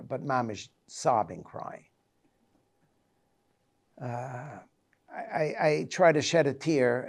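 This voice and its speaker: A man in his seventies, a rabbi giving a reflective Tisha B'Av lecture, telling personal stories in a halting way. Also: medium pitch, vocal fry, darkish tone. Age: 70s.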